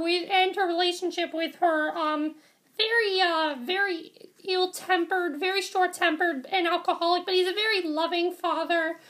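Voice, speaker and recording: A woman's voice: extremely high pitch, fairly bright tone. A woman giving a casual, enthusiastic movie review vlog, rambling with many fillers and restarts. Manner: enthusiastic, gushing praise.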